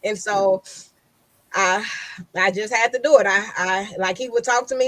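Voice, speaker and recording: A woman's voice: mid-range voice, moderate pace, sharp tone, no echo, poor audio. A woman talking with emphasis in a casual conversation, repeating herself as she tells a personal story. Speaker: guest. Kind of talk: casual chat.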